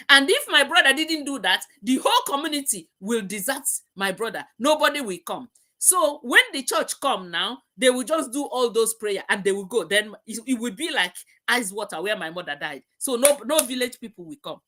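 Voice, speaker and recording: Her voice is a little high, expressive, pushed and bright, delivered at normal speed. As the middle-aged host of an emotional live-stream talk, she preaches passionately and keeps repeating herself.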